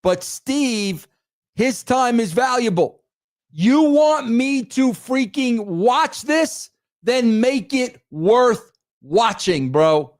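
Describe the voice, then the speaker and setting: A man's voice: extremely high pitch, lively intonation, extremely slow. A middle-aged man hosting a wrestling show, ranting in a crude, exasperated way and repeating himself for emphasis. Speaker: host. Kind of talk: ranting commentary.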